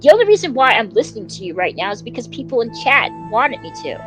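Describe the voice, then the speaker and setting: A woman's voice: on the high side, big pitch swings, fast talker, faint music behind, rough recording. A woman livestreamer ranting angrily at a rival. She swears often and stumbles through fillers and restarts. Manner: heated, profane, with many fillers and restarts. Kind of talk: angry livestream rant at a rival.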